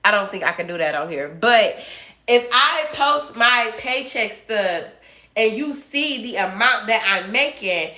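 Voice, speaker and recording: A woman, telling a story about her job in a casual, animated way and acting out both sides of an argument. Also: mid-range voice, measured pace, echoey room. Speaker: vlogger telling a work story.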